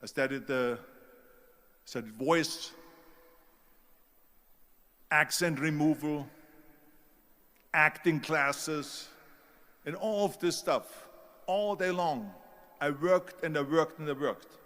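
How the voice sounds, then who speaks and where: A man's voice: fairly high pitch, takes it slowly, long pauses, fairly bright tone. Emphatic German-accented man in a reverberant hall. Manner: emphatic storytelling. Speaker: speaker. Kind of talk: motivational speech.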